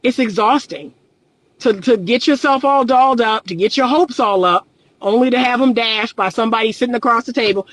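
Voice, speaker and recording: A woman's voice: a little high, a little fast, a bit bright, no room sound, poor audio. A middle-aged woman and relationship coach, talking candidly and emphatically in a casual livestream, repeating her points and often laughing.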